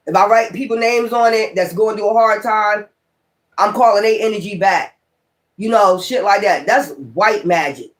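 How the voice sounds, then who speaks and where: High-pitched guy doing a rambling tarot vlog, swears a lot, real emphatic. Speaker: tarot reader. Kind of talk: casual spiritual vlog monologue.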